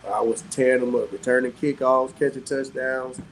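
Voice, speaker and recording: A middle-aged man from South Carolina, telling stories as a guest in casual chat, animated and quick to laugh. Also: mid-range voice, a little hiss or hum, low-quality recording. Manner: animated, laughs often, peppers talk with "man". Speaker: guest, former pro athlete. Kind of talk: casual storytelling.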